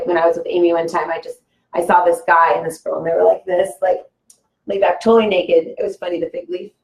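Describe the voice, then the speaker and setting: Rambling low-voiced woman in an echoey room. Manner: rambling, full of "like" and "you know". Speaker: guest. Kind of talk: casual spiritual conversation.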